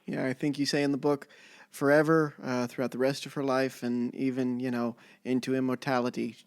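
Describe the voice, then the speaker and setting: A man's voice: medium pitch, little pitch movement, fairly quick, smooth, dry recording. A man hosting a podcast interview, mostly giving brief affirming reactions. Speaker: podcast host. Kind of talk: casual interview chat.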